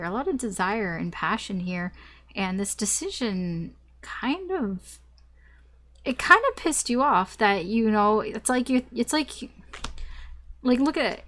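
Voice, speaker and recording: A woman's voice: mid-range voice, fairly bright tone, a little hiss or hum. A young woman giving a casual tarot reading, talking in a rambling, chatty way with fillers and the odd swear word. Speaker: tarot reader.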